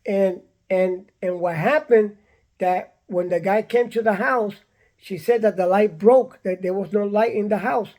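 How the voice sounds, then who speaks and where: An older man from Puerto Rico telling a personal story in a blunt, animated way, repeating himself and acting out what people said. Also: high voice, unhurried.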